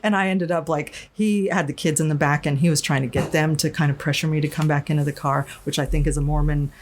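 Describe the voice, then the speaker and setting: A woman's voice: deep voice, steady tone, fast talker, noisy background. A woman from Arizona, a podcast guest, telling a personal story in a candid, frank way, with many restarts and some swearing. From Arizona, USA. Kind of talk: casual storytelling interview.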